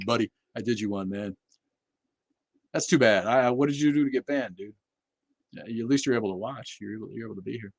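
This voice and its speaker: A man's voice: mid-range voice, fast, pauses often, no echo. A man hosting a casual livestream chat, reading and answering viewers' comments in a blunt, profane way, with many fillers and restarts.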